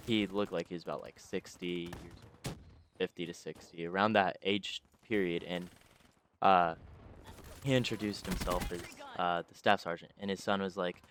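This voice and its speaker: A man's voice: low-pitched, fairly even intonation, moderate pace, a little hiss or hum. A man casually telling a personal story, rambling with many fillers and restarts.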